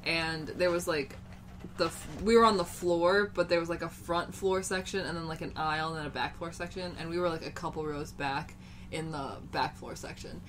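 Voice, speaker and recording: A woman's voice: low voice, fairly even intonation, normal speed, fairly bright tone, slight background noise. A young woman co-hosting a casual podcast chat, gushing and rambling with lots of fillers. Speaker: podcast co-host.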